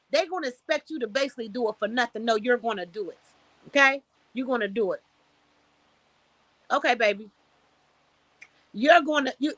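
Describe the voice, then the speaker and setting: Blunt, bright-voiced woman streamer. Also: a little high, no echo. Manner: blunt, profane, preachy advice with storytelling. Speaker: livestream host. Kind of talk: casual livestream talk. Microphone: streaming setup, close mic.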